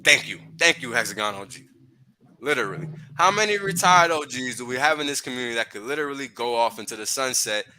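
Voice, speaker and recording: A man's voice: medium pitch, animated, fast talker, bright, forceful tone. A man hosting a livestream, ranting profanely and heatedly with frequent laughs. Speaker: podcast host.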